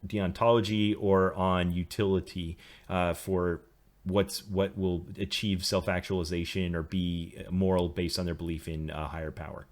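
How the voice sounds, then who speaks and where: Lecturing middle-aged man, lowish voice. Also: level tone, moderate pace. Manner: explanatory, lecturing at length. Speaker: podcast co-host. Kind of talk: casual podcast chat.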